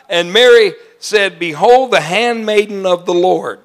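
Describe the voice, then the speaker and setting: A man preaching a sermon as pastor, animated and calling out to his congregation. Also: high voice, a little slow. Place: church sanctuary.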